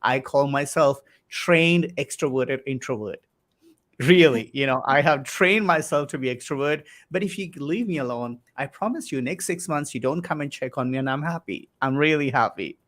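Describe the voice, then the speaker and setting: A man's voice: medium pitch, moderate pace, a bit bright. A man hosting a live-streamed interview, chatty, reading out viewer comments and asking questions. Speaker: host.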